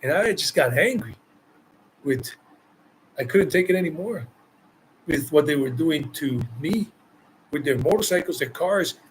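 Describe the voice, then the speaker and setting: Fielding viewer questions live, this US travel vlogger has a rather high, expressive voice and a measured pace broken by long pauses. The recording is rough, with slight background noise, and he talks with emphasis, repeating phrases to drive points home.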